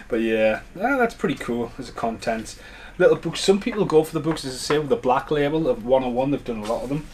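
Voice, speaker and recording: A man's voice: medium pitch, lively intonation, a little fast, a little mellow, a little hiss or hum. A man giving a casual, rambling unboxing chat at home as a collector vlogger, with enthusiastic asides.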